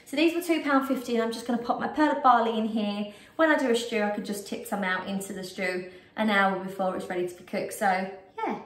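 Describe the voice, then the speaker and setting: A woman's voice: medium pitch, steady tone, fairly quick, fairly bright tone. A British woman vlogging a casual shopping haul at home, chatty and rambling with frequent ums, a bit out of breath. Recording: roomy echo, distant mic.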